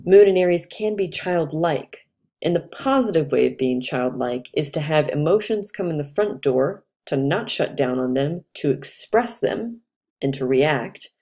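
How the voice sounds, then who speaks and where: Low mellow-voiced woman talking astrology. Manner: chatty and reflective, with fillers and laughs. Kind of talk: casual astrology talk.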